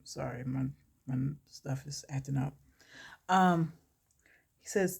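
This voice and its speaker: Give me a slow, relaxed woman reading her own story aloud during a makeup tutorial. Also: a bass voice, vocal fry, slightly rough. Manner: relaxed, chuckles often, stops to comment on her makeup. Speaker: vlogger and author.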